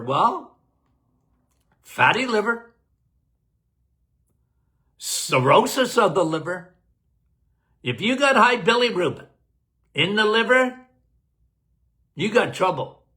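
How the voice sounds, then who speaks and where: A man's voice: sits high, pushed and bright. A man, a doctor, answering health questions in a casual live Q&A, emphatic and folksy, often laughing.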